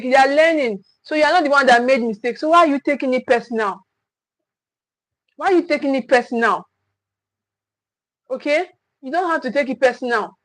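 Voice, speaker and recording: On an earnest livestream, a woman with a high-pitched voice coaches parents, repeating key phrases for emphasis and imitating scolding parents. The audio is dry and close-miked, without any room echo.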